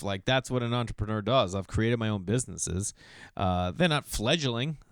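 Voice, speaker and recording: A man's voice: fairly low pitch, a bit bright, clear, resonant tone, no room sound, studio quality. A middle-aged man hosting a podcast, telling loose, digressive comedic stories in a solo monologue. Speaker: podcast host.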